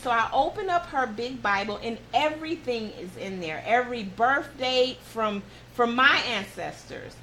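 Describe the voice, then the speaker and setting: A woman's voice: fairly high pitch, lively intonation, normal speed, few pauses, pushed and bright, a little hiss or hum, poor audio. A woman hosting a talk show, telling a personal story in a heartfelt, encouraging way and motivating her listeners.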